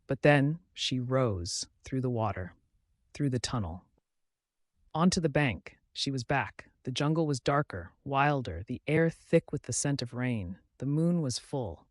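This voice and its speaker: A man narrating a folktale in a dramatic, measured way. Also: mid-range voice, expressive, no room sound, clean studio sound. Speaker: storyteller.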